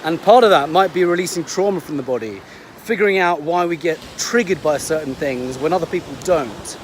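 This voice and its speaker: An upbeat man talks in a casual vlog, restarting his sentences as he goes. His voice sits fairly high. Ocean waves and wind roar clearly behind him on the beach. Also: a little fast. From England. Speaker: health coach.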